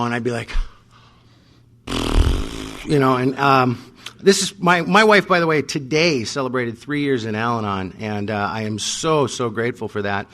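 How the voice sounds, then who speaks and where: Bright-voiced self-mocking man telling his story. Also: a little high. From North Dakota. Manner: self-mocking, comic timing, acts out both sides of arguments. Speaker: AA speaker. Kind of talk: storytelling talk to a live audience.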